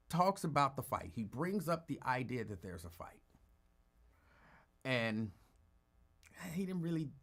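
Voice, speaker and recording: A tired man hosting a casual live talk show, greeting listeners by name and talking in a calm, rambling way. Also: mid-range voice. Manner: calm, holding back from yelling. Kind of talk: casual live-stream chat.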